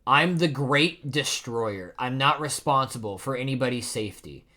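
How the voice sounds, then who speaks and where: A man reading out the lines of a gruff giant man posing as a villain, blunt and commanding. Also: mid-range voice, expressive, moderate pace, bright, forceful tone.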